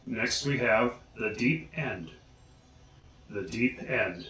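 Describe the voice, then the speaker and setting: Guy vlogging, says each name slow and careful, roomy sound. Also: medium pitch, expressive, a bit bright. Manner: slow, deliberate enunciation of names. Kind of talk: casual pronunciation guide. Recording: echoey room.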